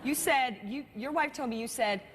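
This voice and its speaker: A woman's voice: high-pitched, normal speed, a little hiss or hum. A woman guesting on a talk show, teasing the host and laughing a lot. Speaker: actress guest.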